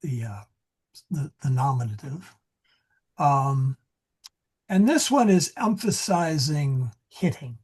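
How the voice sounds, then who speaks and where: A man's voice: medium pitch, expressive, slow pace, pauses often, darkish tone. A man teaching a Latin grammar class, talking in a digressive way and often correcting himself. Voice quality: very husky. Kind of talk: classroom lesson. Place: church meeting room.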